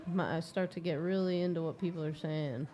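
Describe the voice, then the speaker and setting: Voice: medium pitch, steady tone, a little fast, darkish tone. A speaker in a casual chat who talks in a reflective, candid way about personal growth.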